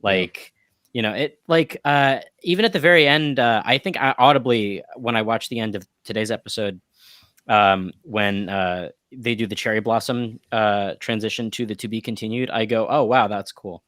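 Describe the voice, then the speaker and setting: Low-voiced man rambling in podcast chat. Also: normal speed, a bit bright, dry recording, clean studio sound. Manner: rambling, hedging with many fillers. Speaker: podcast co-host. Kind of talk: casual chat about anime.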